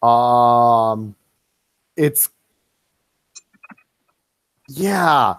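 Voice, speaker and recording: A man narrating a tabletop game as game master, halting with many fillers. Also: medium pitch, animated.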